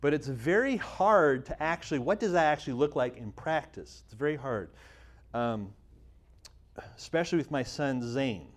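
Medium in pitch with lively intonation and a moderate pace, this Canadian man in his thirties gives a casual church talk with prayer. A church speaker and magazine editor, he sounds tired yet jokes in a self-deprecating manner.

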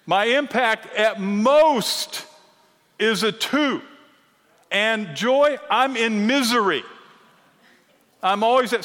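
A middle-aged man teaching a sermon-style lesson, animated and teasing, often checking in with the crowd. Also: sits high, unhurried. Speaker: Bible teacher. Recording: long reverb of a large hall.

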